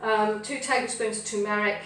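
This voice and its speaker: In a live stream from her kitchen at home, a woman chats happily with viewers and her pets while she cooks. She speaks at an ordinary pace in a steady, medium-pitched, rather bright voice. The audio sounds far off, with kitchen echo and a slight hum.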